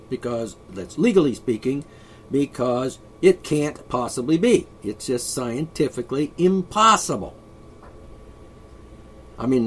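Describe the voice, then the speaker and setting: Guy ranting to camera, kinda high voice, bouncing all over, sarcastic and sighs a lot. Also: slight background noise. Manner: rambling, sarcastic, sighs often. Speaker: video blogger. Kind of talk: opinionated monologue to camera.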